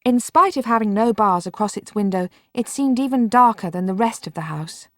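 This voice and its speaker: A woman's voice: medium pitch, expressive, brisk, a bit bright, dry recording. Woman reading an audiobook, dry sound. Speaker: audiobook narrator. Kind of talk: scripted narration.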